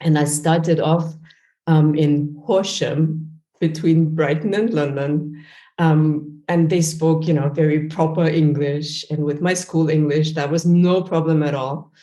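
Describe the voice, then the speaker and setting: A woman, hosting a casual podcast conversation and telling stories in a chatty, animated way. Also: sits low, unhurried. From Austria. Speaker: host, linguist. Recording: roomy echo.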